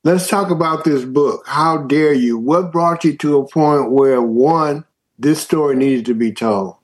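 A man interviewing a guest, asking calm, brief questions. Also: fairly high pitch, unhurried.

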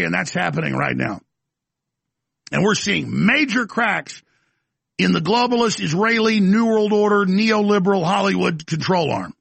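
A man rants through a talk-show monologue in a gravelly, rough-edged voice that sits high for a man. He presses every point with insistent emphasis. The sound is close and dry, with no room around it. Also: fairly bright tone, no room sound. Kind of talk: impassioned talk-radio monologue.

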